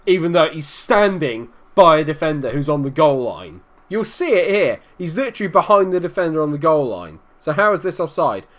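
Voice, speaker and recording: A young man commentating on his football management game, casual and frustrated, muttering low, then shouting when his team scores. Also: very animated, a little fast, few pauses. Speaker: gaming commentator.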